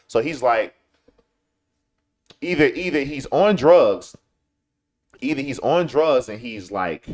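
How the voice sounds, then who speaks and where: A man's voice: mid-range voice, a little mellow. A man hosting a live-stream, ranting in a combative way, stumbling over restarts and mocking others in whiny voices. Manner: combative, repetitive, stammering restarts. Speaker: streamer host. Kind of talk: live-stream commentary rant.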